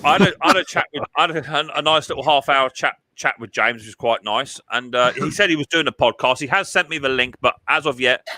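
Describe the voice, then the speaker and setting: Bright-voiced man hosting a stream. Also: medium pitch, fast, few pauses, dry recording, poor audio. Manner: chatty, stammers and repeats words. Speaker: live stream host. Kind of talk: casual live stream chat.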